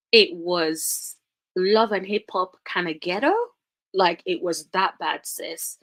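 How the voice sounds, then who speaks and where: A young woman giving casual, rambling reality TV commentary, talking straight to her viewers with animated, dramatic exclamations. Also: fairly low pitch, takes it slowly.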